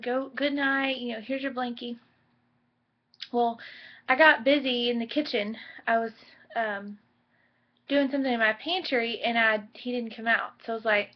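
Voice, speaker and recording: A young woman chatting emotionally in a home vlog, full of likes and ums. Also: on the high side. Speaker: vlogger. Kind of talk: casual pregnancy vlog chat. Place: home bedroom. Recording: dull lo-fi home video audio.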